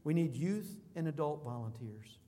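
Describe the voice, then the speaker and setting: A man's voice: a little high, expressive, moderate pace, dark tone. A man preaching a sermon as a pastor, emphatic and declamatory, building through rhythmic repetitions. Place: church sanctuary. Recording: long reverb of a large hall.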